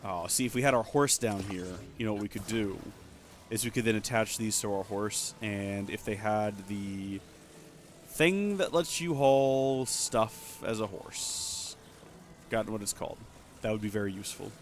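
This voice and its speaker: A man's voice: fairly low pitch, normal speed, a little hiss or hum. A man chatting casually while playing a game on stream, rambling about what he is doing. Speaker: let's play streamer. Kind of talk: casual gameplay commentary.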